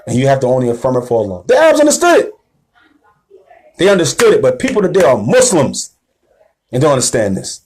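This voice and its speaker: A man's voice: mid-range voice, huge pitch swings, fast, pauses often, slight background noise. A man giving a sermon-style religious lecture, emphatic and slangy, often checking in with his listeners. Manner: rousing, rising and louder at the call to action. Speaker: religious teacher.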